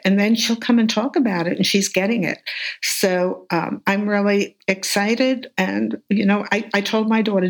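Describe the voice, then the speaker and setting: A woman's voice: mid-range voice, steady tone, a little slow. An older woman, a veteran reading teacher, talking enthusiastically in an interview and telling classroom stories with animation. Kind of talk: conversational interview.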